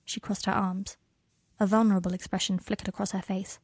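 Soft-spoken woman reading a story. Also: level tone, a little fast, husky, dry recording, studio quality. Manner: soft, low-key narration. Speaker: audiobook reader. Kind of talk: fan fiction reading.

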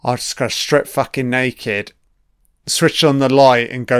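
A man's voice: medium pitch, fairly even intonation, measured pace, a bit bright, clear, resonant tone, dry recording, studio quality. Profane British man riffing on a film. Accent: British English. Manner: profane, reactive, rambling. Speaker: film commentator. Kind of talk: casual film commentary.

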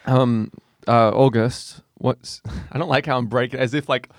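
A man's voice: mid-range voice, fairly even intonation, dry recording, studio quality. A man hosting a podcast, chatting casually and rambling through jokey stories. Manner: rambling storyteller, quick and jokey. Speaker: podcast host. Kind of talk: casual chat.

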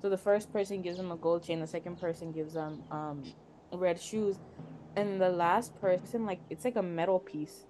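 A woman's voice: lowish voice, normal speed, warm tone, slight background noise. A young woman, co-host of a podcast, casually retelling a tale with lots of filler words. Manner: chatty, filler-heavy retelling. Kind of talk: casual storytelling.

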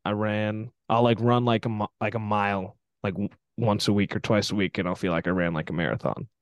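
A man's voice: on the low side, steady tone, a little fast, clean tone, no room sound, highs cut off. A young man co-hosting a podcast, telling stories in a rambling casual way with lots of fillers. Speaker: podcast co-host. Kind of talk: casual chat.

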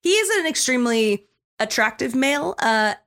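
A woman's voice: a little high, moderate pace. Chatty woman game master. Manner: relaxed, chatty narration with fillers. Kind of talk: narrating a tabletop game.

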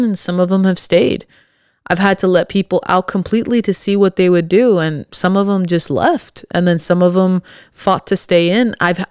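A woman hosting her own podcast, speaking alone in a sassy, blunt, emphatic way with a sarcastic, witty edge. Her voice is smooth and clear, and the recording is dry and close, with no room sound. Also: fairly low pitch, dry recording. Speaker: podcast host. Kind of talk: solo podcast monologue.

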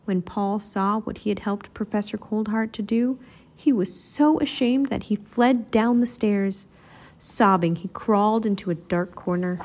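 A woman's voice: mid-range voice, measured pace, a little mellow. A woman reading a children's storybook aloud, narrating expressively. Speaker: storybook reader.

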